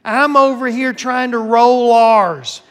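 High-voiced pastor with a long hall echo. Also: male voice, slow pace. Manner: lively, joking, calls out to the congregation. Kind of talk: sermon with announcements. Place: church sanctuary. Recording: long church hall reverb.

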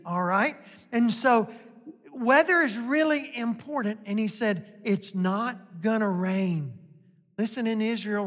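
Slow, emphatic pastor in a reverberant hall. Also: medium pitch, fairly bright tone. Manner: emphatic and folksy, repeats points, often asks "right?". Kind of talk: sermon.

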